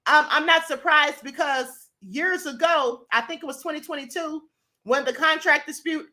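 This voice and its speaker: At a moderate pace, a high, pushed, bright female voice reads viewer comments on her livestream. She's from Kentucky, and her casual commentary is sassy and emphatic, sprinkled with "honey" and "beloved."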